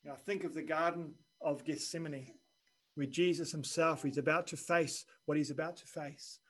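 A man's voice: a little high, fairly even intonation, rough recording. Earnest man preaching a sermon. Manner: earnest, measured preaching with quiet dips and rising emphasis. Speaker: pastor.

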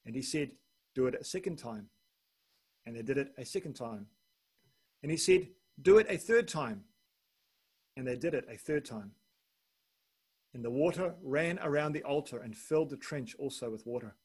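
A man's voice: medium pitch, animated, moderate pace, pauses often, darkish tone, husky. A man preaching a sermon, reading a long scripture passage aloud and lifting his voice for the quoted speech.

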